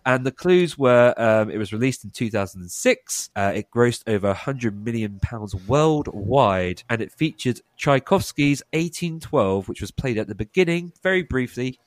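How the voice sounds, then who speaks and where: A young adult man with a nasal voice, talking in a chatty, animated way as a radio guest. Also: medium pitch, moderate pace, hardly any pauses, no echo. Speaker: quiz host guest. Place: radio studio.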